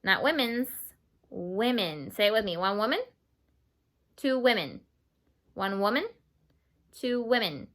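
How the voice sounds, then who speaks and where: A woman's voice: mid-range voice, lively intonation, a bit bright. A woman teaching English grammar to Spanish-speaking children, repeating each word patiently and slipping in Spanish glosses. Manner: slow, patient, repeats words for students.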